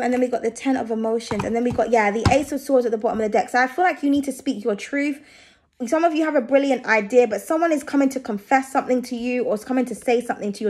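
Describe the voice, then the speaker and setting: High-voiced woman giving a chatty tarot reading. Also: a little hiss or hum. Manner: chatty and reassuring, with frequent "okay?" and "I feel like". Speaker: tarot reader. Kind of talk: casual tarot reading for viewers.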